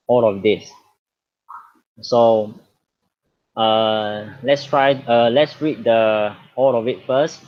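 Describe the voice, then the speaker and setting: A man with a Malaysian accent teaching an online English lesson, patiently repeating key words and saying "okay" often. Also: medium pitch. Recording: dull lo-fi audio.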